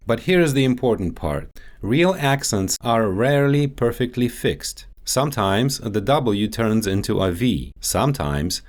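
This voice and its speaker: A man working as a dialect coach, explaining pronunciation in a deliberate, teacherly way. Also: medium pitch, very animated, darkish tone. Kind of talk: instructional explanation.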